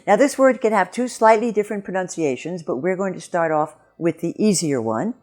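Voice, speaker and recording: A woman's voice: fairly low pitch, expressive, brisk, few pauses, a little mellow, faint music behind. A woman teaching French pronunciation in an online lesson, explaining patiently and modeling example words.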